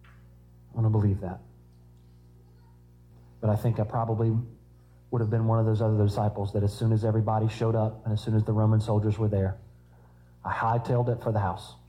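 Male preacher, warm mellow tone, chatty sermon with jokey asides. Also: lowish voice, flat delivery, a little fast, long pauses, poor audio. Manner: conversational preaching with humorous asides.

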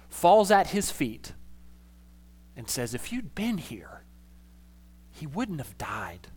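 A man preaching a conversational sermon as a pastor, casual and animated, with slangy asides. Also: a little high.

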